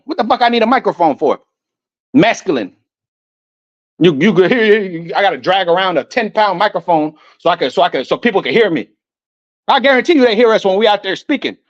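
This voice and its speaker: Guy ranting loud n profane, keeps stuttering on words, dry muffled lo-fi mic. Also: sits high, big pitch swings, fairly quick, no echo. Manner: loud, emphatic and profane, stammers with repeated words. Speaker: online commentator. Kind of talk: ranting commentary reading definitions aloud. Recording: dull lo-fi dry sound.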